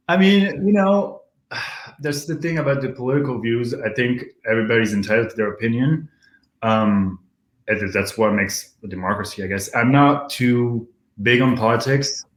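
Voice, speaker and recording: A man's voice: medium pitch, normal speed. French guy around 30, accented, chatty and laughing a lot, echoey kitchen sound. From France. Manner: laughs often, candid and joking. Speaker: guest. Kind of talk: casual interview chat. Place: home kitchen. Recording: roomy home kitchen sound.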